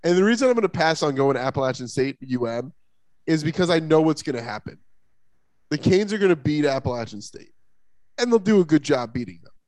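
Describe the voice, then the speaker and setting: A man co-hosting a casual sports talk podcast, rambling and animated with lots of fillers and restarts. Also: fairly high pitch, brisk, no room sound. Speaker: podcast co-host.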